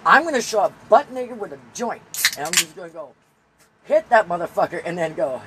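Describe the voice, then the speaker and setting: A man with a high-pitched voice chatting casually on a podcast, rambling through profane jokes and riffs. There is a faint hiss of background noise under his voice. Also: big pitch swings, brisk. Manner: loose, profane, rambling and joking. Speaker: podcast co-host. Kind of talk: casual chat.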